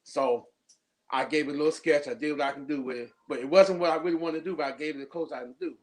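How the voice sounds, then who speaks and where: Male poet, high voice, animated storyteller, casual. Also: fast talker. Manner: animated storyteller, acts out quotes. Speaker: poet, workshop student. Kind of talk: casual chat.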